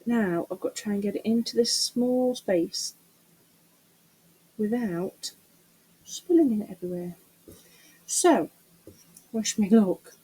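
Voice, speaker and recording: Chatty woman, soft mellow voice. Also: medium pitch, animated, takes it slowly, pauses often, breathy edge, rough recording. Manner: chatty, self-deprecating, mutters to herself while working. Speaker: craft vlogger. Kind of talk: casual narration while crafting.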